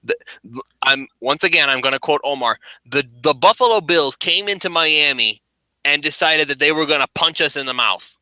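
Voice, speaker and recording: A man's voice: fairly high pitch, normal speed, sharp tone, smooth, no room sound, poor audio. A man co-hosting a sports talk show, blunt and sarcastic, often restarting his sentences. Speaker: podcast co-host.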